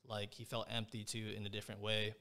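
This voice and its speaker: A man's voice: on the low side, completely flat delivery, fast, bright, forceful tone. Young guy on a podcast rambling through a story, says bro and like constantly, super casual. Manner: slangy, rambling, peppers speech with "bro" and "like". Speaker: podcast guest.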